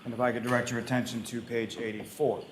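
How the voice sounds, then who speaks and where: A prosecutor with a Boston accent and a voice of average pitch runs through his questions quickly, leaning on uh fillers and steering the witness to each page. A faint courtroom hum sits behind him. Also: flat delivery, reverberant. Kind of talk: courtroom direct examination.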